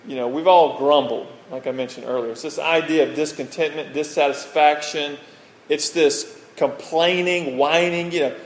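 A man preaching a sermon as pastor, telling stories in a conversational way and often checking in with a quick "right?". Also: a little high, fairly even intonation. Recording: echoey hall with long reverb.

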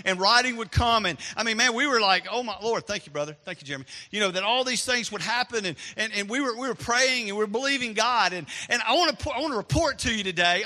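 A man preaching a sermon as pastor, animated and storytelling, dropping to a hush and then rising loud. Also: very high-pitched, big-room sound.

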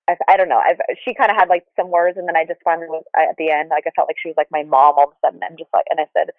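A woman's voice: lowish voice, fairly even intonation, fast talker, no echo. A woman guest telling her story candidly, rambling with frequent restarts. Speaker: podcast guest. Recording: tinny phone line, dry.

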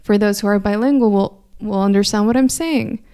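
With a medium-pitched voice that's mellow, clear and resonant, a young woman from California speaks fairly quickly as she reflects on a personal story. A native Spanish speaker with a faint Mexican Spanish accent, she's earnest and thoughtful and frequently starts over mid-sentence.

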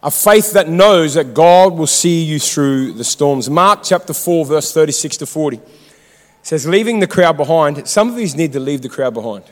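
A man's voice: fairly high pitch, expressive, moderate pace, big-room sound. A man preaching a sermon in a church, fired up and exhortative, calling out to the congregation. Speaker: pastor.

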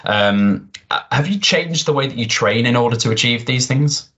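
A man's voice: medium pitch, expressive, normal speed, fairly bright tone, highs cut off. A man, hosting a podcast with a prepared intro and friendly, chatty questions. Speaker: podcast host.

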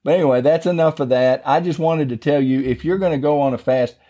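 A man's voice: on the high side, fast, warm tone, muffled recording. A man hosting a devotional podcast, teaching the Bible in a casual, folksy, rambling way.

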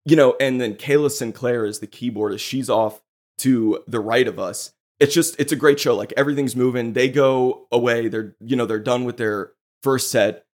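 A man hosting a podcast, excitedly telling a story in casual chat and swearing freely. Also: medium pitch, moderate pace. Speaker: podcast host.

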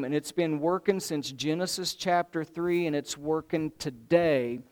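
Animated preacher, smooth and higher-pitched. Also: male voice. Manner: animated, builds to excited bursts then drops low and slow. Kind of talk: sermon.

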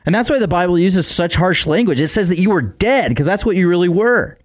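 A man's voice: sits high, expressive, brisk, no echo, clean studio sound. A man reading a Bible passage aloud, then commenting on it in an earnest, conversational preaching style, as a radio devotional speaker. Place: radio studio.

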